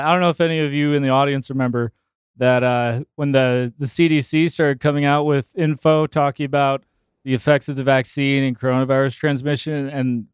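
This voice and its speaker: A man's voice: medium pitch, smooth, no room sound. A man co-hosting a talk show, chatting casually and chuckling as he tells a story. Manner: chuckling, conversational. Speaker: co-host.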